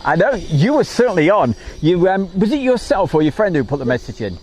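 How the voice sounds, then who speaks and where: A man from Wolverhampton, England, with a West Midlands accent hosts a live airshow stream outdoors at an airfield. His voice is high, sing-song, fairly quick, and a little mellow, and he rambles casually with lots of fillers.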